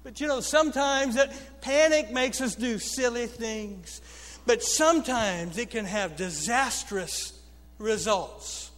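Man, pastor, high pitch, preaching to a congregation, reverberant church sanctuary. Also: slow, fairly bright tone. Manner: storytelling preacher, humorous asides to the congregation. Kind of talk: sermon. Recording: long reverb of a church hall.

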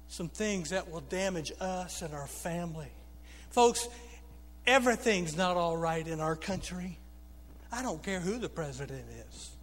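A pastor preaching a sermon, telling funny stories and calling out to the congregation. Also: male voice, sits high. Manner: storytelling preacher, humorous asides to the congregation. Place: church sanctuary. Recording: long reverb of a church hall.

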